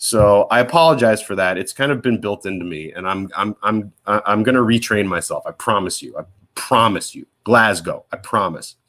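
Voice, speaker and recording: An American man hosts a live question-and-answer stream, answering viewer questions in a casual, rambling chat and often correcting himself mid-sentence. His voice is on the low side, brisk and fairly bright.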